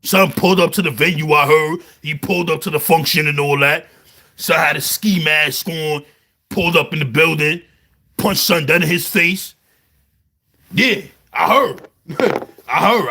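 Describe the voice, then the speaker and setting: Gravelly Brooklyn man telling street stories. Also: fairly high pitch. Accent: New York, Brooklyn. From New York. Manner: animated storytelling, heavy slang, repeats "you heard". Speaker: vlogger. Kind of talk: casual monologue to camera.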